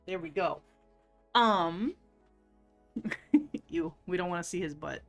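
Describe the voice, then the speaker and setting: A woman hosts a casual livestream, chatty and giggly, greeting people in her chat by name. Her voice is fairly low-pitched and animated, and she talks at a slow pace, with faint music playing underneath.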